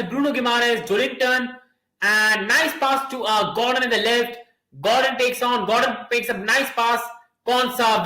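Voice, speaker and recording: A young man hosting a live football watchalong, commentating excitedly to his chat and shouting at goals. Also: extremely high pitch, brisk, roomy sound, low-quality recording. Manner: excitable, repeats names and "guys", shouts at goals.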